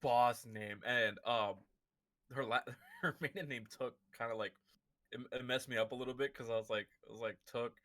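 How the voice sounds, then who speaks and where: A man's voice: medium pitch, moderate pace, pushed and bright. A man co-hosting a book club podcast, rambling casually with plenty of filler words and frequent laughter. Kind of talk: casual chat.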